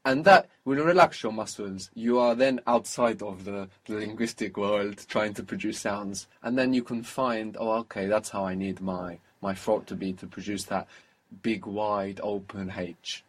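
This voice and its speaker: A man's voice: lowish voice, unhurried. A man teaching a spoken language lesson, patiently coaching pronunciation step by step.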